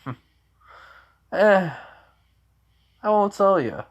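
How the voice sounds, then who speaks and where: A man's voice: sits high, big pitch swings, extremely slow, lo-fi sound, voice pushed up, full character voice. A man voicing a brash, cocky teenage boy ninja in a casual fan-story retelling, with a teasing manner.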